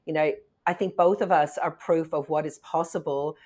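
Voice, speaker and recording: A woman hosting a podcast interview, chatty and enthusiastic, leaning on fillers. Her voice sits low for a woman. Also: fairly even intonation, normal speed, a little mellow. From from abroad. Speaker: podcast host.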